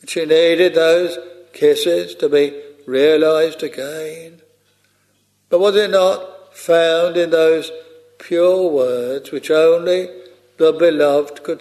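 Male preacher, slightly high voice, very slow measured sermon delivery. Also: a little mellow. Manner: slow, measured preaching with archaic scripture phrasing.

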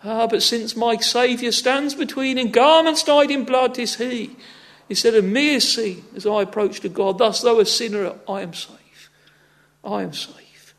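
A man's voice: extremely high pitch, normal speed, fairly bright tone. A man preaching a sermon in an earnest, exhorting manner, often breaking in with "ah, friends" and "oh".

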